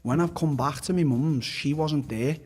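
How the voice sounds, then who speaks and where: A man's voice: fairly high pitch, normal speed, a little mellow, slightly rough, soft background music. A man with a Liverpool accent, a fighter and podcast guest, telling his story bluntly, swearing constantly and restarting sentences. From Liverpool, England. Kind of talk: candid personal storytelling.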